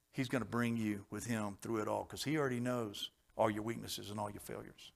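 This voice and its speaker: A man preaching a sermon, telling stories with folksy jokes and chuckles, swinging from hushed tones to loud, fervent passages. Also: medium pitch, brisk, creaky, hardly any pauses.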